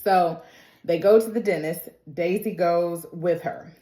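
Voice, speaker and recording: A woman's voice: fairly low pitch, measured pace, mellow, roomy sound. A woman giving a casual recap of a TV episode, chatty and full of slang, laughing often. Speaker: TV recap vlogger.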